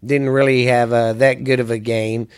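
A man's voice: mid-range voice, level tone, moderate pace, clean tone. Cursing man ranting about football. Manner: angry, cursing, rambling. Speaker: sports podcast host. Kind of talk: profane ranting commentary.

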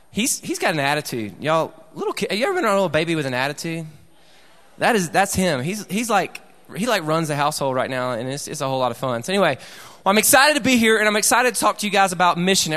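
A man in his thirties with an Alabama Southern accent gives a conference sermon to teenagers in a folksy, joking way and has the crowd repeat lines back. His voice sits a bit high for a man. The sound carries the long reverb of a large church hall. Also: a bit bright. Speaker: youth pastor.

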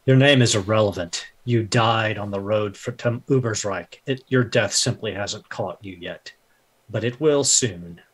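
A man's voice: fairly low pitch, a little slow, husky. A man voicing a stern male knight-priest who speaks formally and commandingly. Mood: threatening. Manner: formal, declamatory speech.

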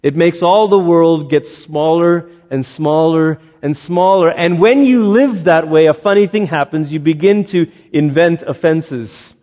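A man's voice: on the high side, measured pace, few pauses, a little mellow. A male pastor preaching a sermon, dramatic, acting out the voices he quotes. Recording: long hall reverb.

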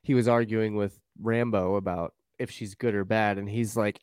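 A man's voice: on the low side, moderate pace, hardly any pauses, smooth, no echo, clean studio sound. A man chatting casually about a TV series, retelling scenes and acting out lines. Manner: animated, acts out quotes from scenes. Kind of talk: casual chat about a TV show.

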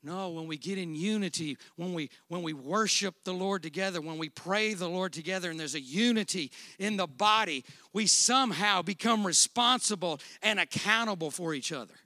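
A male pastor delivering a sermon with a high, bright, forceful voice. He moves from loud, stretched-out emphatic lines to hushed, chatty storytelling. The sound is close and dry with no room echo. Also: normal speed, few pauses. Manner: dynamic preaching, swinging from loud emphatic declarations to quiet storytelling.

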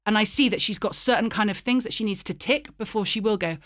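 A woman's voice: medium pitch, fast talker, no echo, studio quality. A woman, a guest in an interview, telling a story animatedly and acting out the voices. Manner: animated, acts out voices in anecdotes. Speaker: guest, actor and writer.

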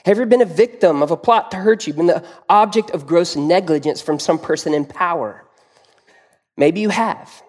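A man's voice: on the high side, moderate pace, darkish tone. A man preaching a sermon as pastor, explaining scripture verse by verse and retelling scenes vividly with rhetorical questions to the listeners.

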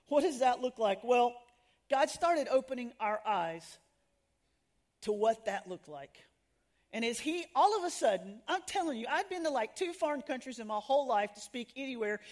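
A middle-aged woman with a high voice speaks at a women's ministry, telling stories in a sermon to women. She's animated, laughs at herself, and acts out the people she quotes.

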